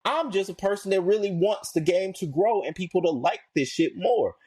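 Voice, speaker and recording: A man co-hosting a podcast, ranting in slangy casual talk, his voice climbing high when worked up. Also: expressive, normal speed, darkish tone, husky. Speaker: podcast co-host.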